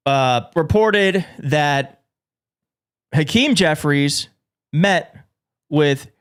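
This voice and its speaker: A man hosting a live political commentary show, excitable and jokey, often restarting his sentences. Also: fairly high pitch, very slow, clean tone. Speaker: show host. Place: studio in a big city.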